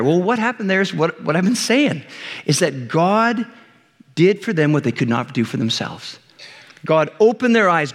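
A pastor preaches a sermon in a man's fairly high voice with a big-room sound. He tells a Bible story casually, like a conversation, acting out the characters' lines in lively voices.

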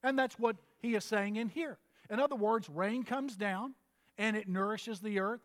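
Older male pastor from Texas, folksy storyteller, high voice, echoing hall. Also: normal speed. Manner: folksy storytelling preacher, humorous asides. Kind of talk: sermon. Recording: reverberant hall.

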